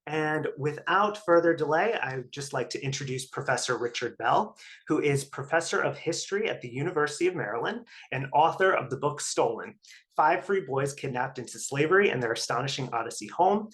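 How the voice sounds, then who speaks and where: A man's voice: a little high, fairly quick. A man hosting an online webinar, reading announcements and introducing the guest speaker. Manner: steady, reads prepared notes. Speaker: webinar host. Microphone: video call.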